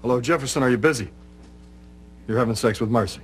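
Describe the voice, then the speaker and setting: An actor playing a lazy, scheming middle-aged husband in a sitcom, grumbling and bursting into loud exasperated yells. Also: male voice, medium pitch, quick pace, breathy edge, natural voice. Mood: sly. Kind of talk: sitcom acting.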